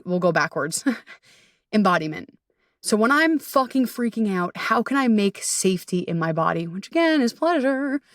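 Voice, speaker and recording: A woman's voice: mid-range voice, no echo, clean studio sound, far from the mic. A woman hosting a solo podcast and working as a coach, talking candidly and with energy, swearing freely and acting out bits of inner dialogue. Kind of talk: casual solo podcast talk.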